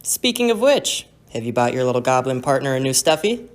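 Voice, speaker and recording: A woman's voice: very deep voice, very animated, brisk. A woman making a playful, teasing comedic short video.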